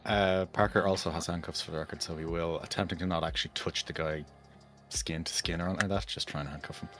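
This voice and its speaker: A man's voice: deep voice, steady tone, quick pace, fairly bright tone, soft background music. A man playing in a tabletop game, explaining his character's actions in detail. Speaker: player. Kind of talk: casual tabletop play.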